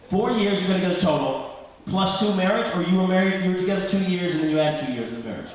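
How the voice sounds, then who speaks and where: A man's voice: high-pitched, expressive, fast talker. A man in his thirties doing a rambling, self-deprecating stand-up comedy set on a club stage. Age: 30s. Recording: echoey club hall. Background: audience laughter.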